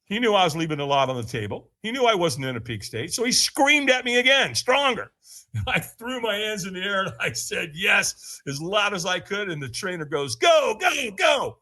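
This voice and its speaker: A man's voice: animated, fairly quick, pushed and bright. A man on a podcast, telling his story with frequent laughs and acted-out quotes. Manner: laughs often, acts out quotes in a higher voice. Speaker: podcast guest. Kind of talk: animated storytelling.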